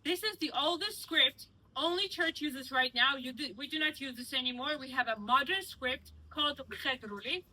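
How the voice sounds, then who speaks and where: Bright high-voiced female tour guide. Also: moderate pace, hardly any pauses, a little hiss or hum, rough recording. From Georgia. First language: Georgian. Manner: playful, teasing, explains with examples. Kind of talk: guided walking tour explanation. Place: outdoors in old city streets.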